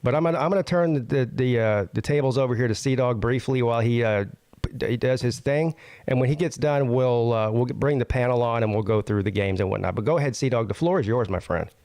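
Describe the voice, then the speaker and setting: A man's voice: medium pitch, fast talker, a little mellow, no echo. A man casually hosting a livestream, greeting the chat and handing off to a guest. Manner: laid-back, reads out chat names. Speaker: livestream host.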